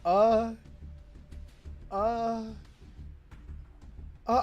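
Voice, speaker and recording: A young man hosting his channel, telling a story casually to his chat, animated, laughing often and swearing freely. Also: high-pitched, moderate pace, long pauses, soft background music. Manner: animated, laughing, profane, chatty. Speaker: channel host.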